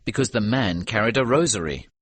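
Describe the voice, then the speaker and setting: Lively, bright British male narrator. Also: on the low side, fairly quick, no echo. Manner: clear, even storytelling pace. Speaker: audiobook narrator. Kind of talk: scripted audiobook narration for learners.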